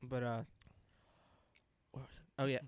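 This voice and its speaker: A man's voice: mid-range voice, level tone, normal speed, clean tone, dry recording. Laughing casual man on a podcast. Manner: laughs often, drops into impressions and accents. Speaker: podcast co-host. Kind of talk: casual chat.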